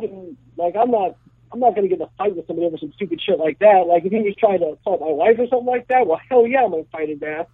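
A young man tells a story in a loose, rambling way, full of fillers. His voice sits fairly high for a man. It comes through a tinny, dry phone line. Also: racing, no room sound. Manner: rambling, filler-heavy, laid-back. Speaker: guest. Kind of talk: casual storytelling on a call-in show.

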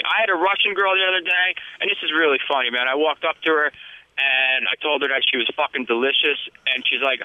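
A man talking casually as a dating coach, blunt and profane, with a quick laugh. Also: on the high side, pushed and bright, no room sound. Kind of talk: casual chat. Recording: dull lo-fi sound.

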